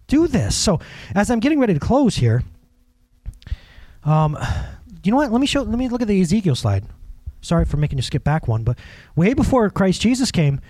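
A male preacher with a high, lively voice that swings all over as he tells stories from the pulpit. He talks in a casual, animated way, acts out the people in his tales and chuckles often. The sound is close and dry. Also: a little fast, long pauses, dry recording. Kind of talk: conversational sermon with personal stories.

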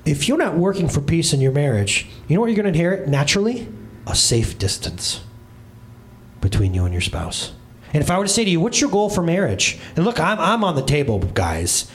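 A man in his thirties preaches from a church stage with a high, bright-sounding voice. His pitch leaps and swoops as he tells stories, dropping into comic voices and quick asides. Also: big pitch swings, slight background noise. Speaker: pastor. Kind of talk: humorous sermon.

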